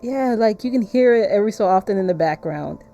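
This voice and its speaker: A woman streaming a game live, chatting playfully with her viewers, laughing often and reading the game's narration aloud in a softer voice. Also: medium pitch, expressive, a little fast, gravelly, muffled recording, soft background music.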